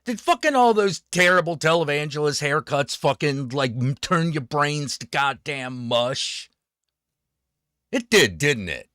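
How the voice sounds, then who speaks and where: A man's voice: a little high, animated, measured pace, fairly bright tone, no room sound, studio quality. A man hosting his own stream, ranting in a sarcastic, profane way about politics. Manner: swearing, sarcastic, fired-up. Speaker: streamer host.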